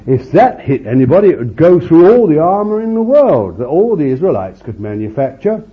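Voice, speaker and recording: A man's voice: fairly high pitch, big pitch swings, brisk. A man preaching an informal Bible storytelling sermon in a chatty, homely way, with frequent asides to his listeners. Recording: dull lo-fi recording.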